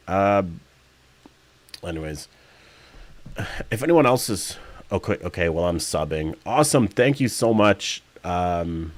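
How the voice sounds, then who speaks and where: A streamer with a fairly low-pitched voice reads live chat during a casual livestream Q&A. He rambles chattily, full of fillers, restarts and self-corrections, and sometimes yawns mid-speech. The recording is dry.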